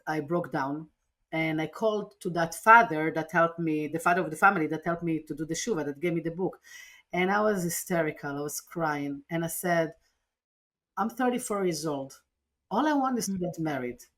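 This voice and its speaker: Woman telling her story on a podcast, pretty earnest, a bit low-pitched, lots of restarts. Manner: earnest, animated retelling with frequent restarts. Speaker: podcast guest. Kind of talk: personal storytelling in an interview.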